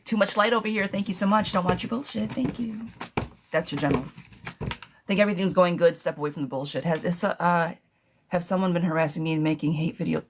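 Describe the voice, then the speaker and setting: Reading tarot live for her viewers, a woman answers them in a playful, gossipy way and calls everyone darling or girl. Her low-leaning voice moves at a quick pace with fairly even intonation, over a faint background noise.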